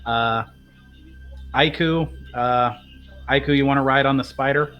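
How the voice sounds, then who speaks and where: A man's voice: mid-range voice, fairly even intonation, normal speed, muffled recording. Male player, casual and hesitant, faint music behind. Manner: hesitant, lots of fillers. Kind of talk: casual tabletop play.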